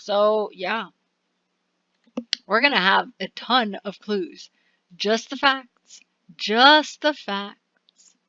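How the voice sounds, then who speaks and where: Woman doing a let's play, reads game text real slow, bright voice, dry dull mic. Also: mid-range voice, dry recording. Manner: slow, deliberate reading with muttered asides. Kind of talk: game commentary reading on-screen text aloud.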